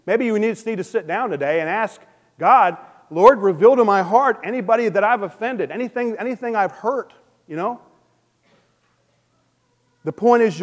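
A man preaching a sermon as pastor, earnest and personal, swinging between loud emphasis and a soft, gentle hush. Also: a little high, in a large hall.

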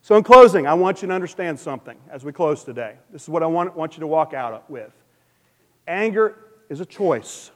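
A man preaching a sermon as pastor, earnest and personal, swinging between loud emphasis and a soft, gentle hush. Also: on the high side, big-room sound.

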